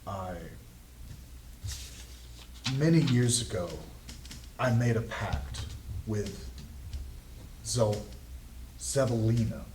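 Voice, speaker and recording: A man voicing a soft-spoken, secretive male fey mimic in a tabletop game, slow and hushed. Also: on the low side, echoey room, recorded from a distance, a little hiss or hum, low-quality recording.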